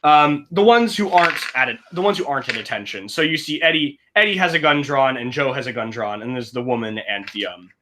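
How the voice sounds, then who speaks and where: A man runs a tabletop game as game master, describing scenes in a bright, animated voice. He rambles and corrects himself with playful asides. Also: mid-range voice, a little fast, few pauses, slight background noise.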